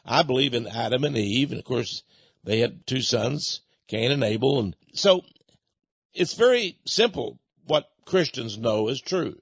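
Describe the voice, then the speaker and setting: A man's voice: mid-range voice, animated, measured pace, breathy edge, dry recording, highs cut off. A man hosting a radio show, talking in an emphatic, mocking, storytelling monologue. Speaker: radio host.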